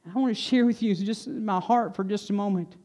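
A man's voice: high voice, brisk, mellow. A man preaching a sermon to his church, earnest, repeating phrases for emphasis. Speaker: pastor. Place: church sanctuary.

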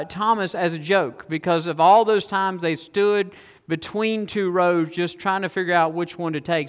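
Middle-aged male pastor, high-pitched, chatty sermon full of fillers, reverberant church hall. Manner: casual storytelling with many fillers and restarts.

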